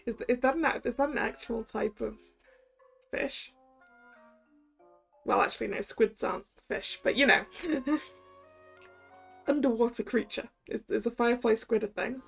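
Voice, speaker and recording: A woman's voice: a little high, moderate pace, gravelly, long pauses, husky, soft background music. A woman streaming a game, chatting and giggling as she comments between reading its lines aloud. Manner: giggly, chatty, self-correcting. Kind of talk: let's-play commentary.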